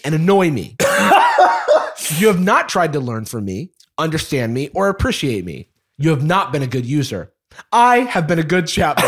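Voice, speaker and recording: A man's voice: a little high, fairly bright tone, husky, full character voice. A man reading aloud as a stubborn, passive-aggressive male chatbot that insists politely and firmly. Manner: polite phrasing with mounting insistence, read aloud. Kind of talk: dramatic reading of a chat log.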